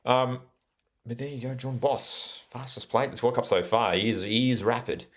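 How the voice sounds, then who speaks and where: A man's voice: medium pitch, normal speed. A young Australian man hosting a live football watchalong, chatting casually and reading out viewer comments with plenty of fillers. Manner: chatty, reads out live chat, frequent fillers. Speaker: watchalong host.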